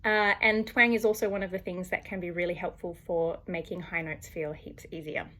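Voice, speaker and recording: A woman's voice: lowish voice, steady tone, fairly quick, pushed and bright. A woman, a voice coach explaining singing technique to camera and demonstrating sounds as she goes.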